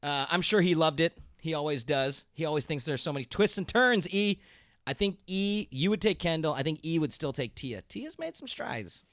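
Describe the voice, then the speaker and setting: A man's voice: fairly high pitch, animated, normal speed, fairly bright tone, dry recording, studio quality. A man co-hosting a podcast, recapping TV in casual, chatty talk with frequent laughs. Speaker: podcast co-host. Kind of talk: casual chat.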